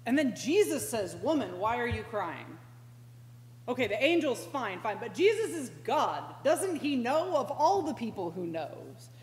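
A woman preaching a conversational sermon as a pastoral intern, slow and reflective, with sudden animated outbursts. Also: sits high. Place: church sanctuary. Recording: echoey church hall with faint hum.

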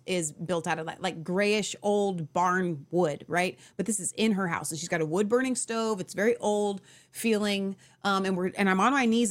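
Woman earnestly recounting a dream. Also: mid-range voice. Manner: earnest, conversational, self-correcting as she recounts a dream. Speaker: show host. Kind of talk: casual storytelling.

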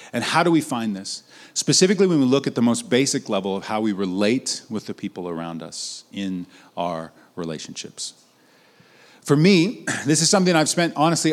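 A young adult man giving a conversational sermon as a pastor, rising to emphatic points and then dropping low and soft. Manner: conversational preaching, swinging between raised emphatic lines and low trailing ones.

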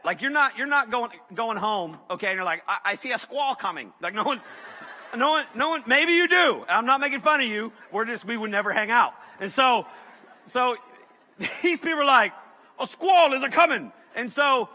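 A man preaching to students as a youth pastor, animated and joking, talking to the crowd. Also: very high-pitched, normal speed. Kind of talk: sermon to students. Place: large hall with audience. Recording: reverberant hall.

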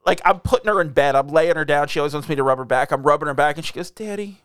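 A man in his thirties talks in a loose, rambling way, packing his sentences with fillers and breaking into laughter. His voice sits a little high and sounds smooth and clean. The recording is close and dry. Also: steady tone, racing, fairly bright tone, dry recording. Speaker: podcast co-host. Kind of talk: casual chat.

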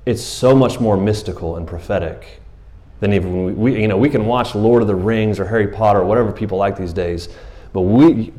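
A man's voice: lowish voice, warm tone. A man preaching a sermon in church, casual and joking, acting out Bible characters in a raised voice. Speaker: pastor.

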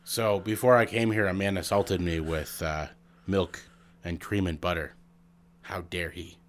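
A man's voice: deep voice, fairly even intonation. A man co-hosting a casual podcast, trading dry quips and pun jokes. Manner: dry, quick-witted joker. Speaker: podcast co-host. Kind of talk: casual chat.

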